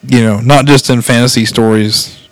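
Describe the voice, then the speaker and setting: A man's voice: medium pitch, steady tone, moderate pace, no room sound. Rambling man recapping a show, dry sound. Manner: rambling, laughs often, quotes characters in voices. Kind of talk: casual chat retelling an anime plot.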